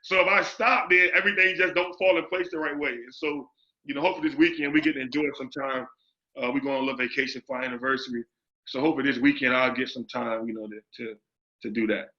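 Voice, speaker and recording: An associate head basketball coach fields interview questions emphatically, repeating phrases and dropping street slang. His medium-pitched voice is fast, bright and forceful, with fairly even intonation, captured on dull lo-fi audio.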